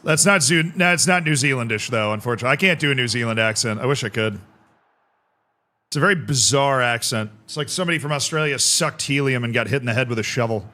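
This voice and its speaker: A man streaming a football management game live, reacting excitably to the match and joking with his chat. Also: mid-range voice, fast talker. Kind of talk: live gameplay commentary.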